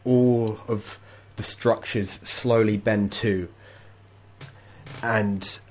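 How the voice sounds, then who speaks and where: A man narrating as game master of a tabletop game over an online call, descriptive and halting. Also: fairly low pitch.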